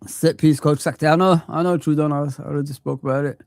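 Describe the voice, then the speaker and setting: A man's voice: a little high, steady tone, a little fast, vocal fry, a little mellow, no echo, studio quality. A man in his thirties or forties ranting with passion on a live football watch-along stream, sweary and peppering his talk with "man". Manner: impassioned ranting, sweary, frequent "man" tags.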